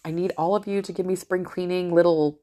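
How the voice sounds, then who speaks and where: A middle-aged woman with a notably low, deep voice holds forth in a loose, rambling solo chat. She is blunt and swears freely as she talks. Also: fairly even intonation, fairly quick, dark tone. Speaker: podcast host. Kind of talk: casual monologue.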